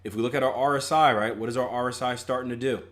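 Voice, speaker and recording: Hosting a live trading stream, a young man chats loosely, jokes, laughs at himself and reads viewer comments aloud, frequently restarting and saying um. His mid-range voice is fairly bright with fairly even intonation, and he speaks fast.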